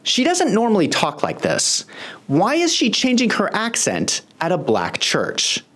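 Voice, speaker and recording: A host delivering political commentary with a sarcastic, pointed edge. The voice swoops dramatically up and down while its pitch stays mid-range. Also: wildly swooping pitch, a little slow, fairly bright tone.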